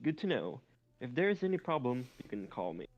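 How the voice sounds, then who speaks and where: A man's voice: low voice, measured pace, voice pushed down. Dude doing a bad fake british accent for a grumpy coder guy, dull lo-fi mic. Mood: irritated. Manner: clumsy put-on British accent. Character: irritated male programmer, fake British.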